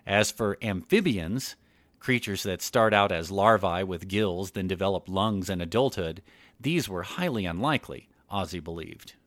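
A man with a deep voice reads an audiobook at a steady, measured pace. The recording is close and dry, with no room sound. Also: no room sound. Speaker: audiobook narrator. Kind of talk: scripted narration.

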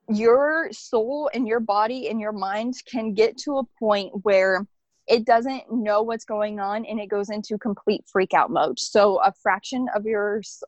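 A woman's voice: mid-range voice, no room sound. A woman earnestly recounting a personal experience, rambling and filling her speech with "like". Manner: earnest, rambling, frequent "like" fillers. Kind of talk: personal storytelling. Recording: dull lo-fi dry recording.

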